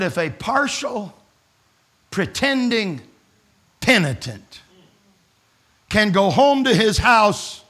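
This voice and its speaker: A man preaching a revival sermon at a camp meeting, swinging from hushed pleading to shouted exclamations. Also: sits high.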